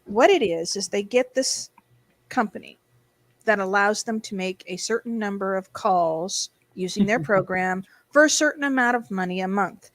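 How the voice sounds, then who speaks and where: A woman's voice: mid-range voice, moderate pace, no echo. A woman hosting a casual podcast chat, talking freely and reading notes aloud. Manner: chatty, reads aloud and hums while searching. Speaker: podcast host.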